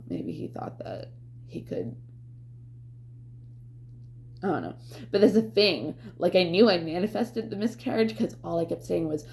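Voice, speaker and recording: Gravelly-voiced woman rambling candidly. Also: low-pitched, darkish tone, slight background noise. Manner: rambling, profane, full of fillers. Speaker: vlogger. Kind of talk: candid personal storytelling.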